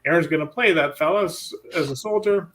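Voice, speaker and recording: Brief: middle-aged male host, slightly high voice, chatty and self-deprecating. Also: normal speed, fairly bright tone, a little hiss or hum. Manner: laughing, stumbling over names. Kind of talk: casual livestream chat.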